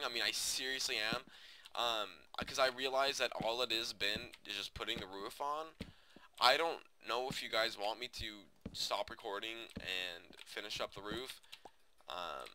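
A man's voice: on the low side, sharp tone, slight background noise. A young man from the United States chatting casually to viewers over his gameplay, rambling with many fillers and restarts. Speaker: gaming video host.

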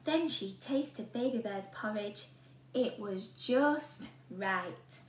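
A woman teacher reading a storybook aloud to children in an animated way, often asking the listener questions. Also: medium pitch, takes it slowly. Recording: roomy room with a faint hum.

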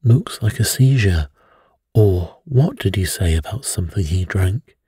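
Guy voicing a startled middle-aged doctor, abrupt, low and mellow, bedtime story. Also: lively intonation, unhurried, breathy edge, no room sound, studio quality, exaggerated voice. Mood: alarmed.

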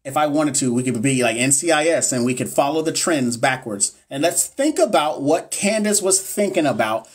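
A man's voice: mid-range voice, lively intonation, moderate pace, few pauses, slightly rough. A man coaching nursing students on a livestream. He reads chat comments aloud and answers viewers by name in a blunt, profane, encouraging way.

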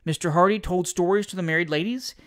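An audiobook narrator giving an expressive, theatrical scripted reading of a classic comic story. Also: mid-range voice, fast.

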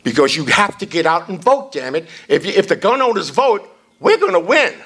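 A man's voice: high-pitched, very animated, moderate pace, a bit bright, slight background noise. A man chairing a party event, giving a blunt, salty, off-the-cuff rally speech.

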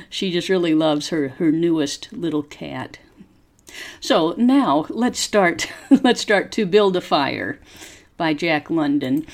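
Slow, clear American woman teacher. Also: on the low side. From Arkansas, USA. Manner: chatty and relaxed, reading text slowly and deliberately. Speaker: English teacher. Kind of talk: podcast lesson with slow read-aloud for listen and repeat.

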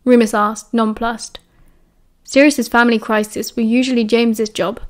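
A woman's voice: on the high side, little pitch movement, normal speed. A woman with a British accent reading an audiobook chapter aloud, shifting her voice for the characters. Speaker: audiobook narrator.

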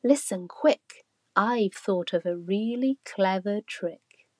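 A woman's voice: mid-range voice, takes it slowly, dry recording. A woman voicing a tiny, clever ladybug speaking urgently.

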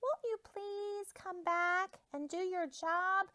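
A woman voicing a group of farm animals in a storybook reading, in a higher, sing-song voice. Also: steady tone, takes it slowly, sharp tone, exaggerated voice. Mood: pleading.

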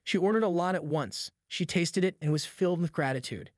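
A man narrates a classic story in a steady, measured reading voice. His pitch sits a little high for a man. The sound is dry and close, with no room around it. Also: no room sound. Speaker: audiobook narrator. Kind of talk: scripted narration.

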